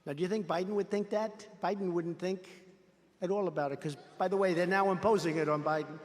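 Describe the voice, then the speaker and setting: A man's voice: sits high, moderate pace, long reverb tail, slight background noise. A man giving an off-the-cuff political rally speech, boastful and repetitive, telling rambling stories in a large indoor venue. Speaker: political speaker.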